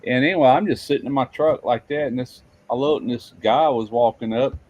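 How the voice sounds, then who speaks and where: A man's voice: mid-range voice, a little fast, darkish tone, muffled recording. An older man, a barbecue YouTuber, telling easygoing stories in a casual chat. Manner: easygoing anecdotal storyteller.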